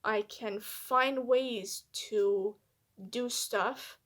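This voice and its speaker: A woman vlogger talking candidly and reflectively to her camera, hesitant and soft-spoken, with many fillers and restarts. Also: a little high, fairly even intonation, very slow. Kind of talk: personal reflective vlog.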